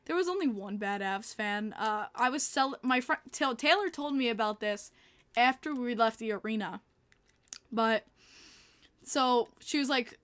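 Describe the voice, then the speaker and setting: A woman's voice: on the high side, animated, measured pace, fairly bright tone, clean tone. Chatty young woman podcast host. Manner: chatty, laughs often, answers chat. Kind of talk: casual livestream chat.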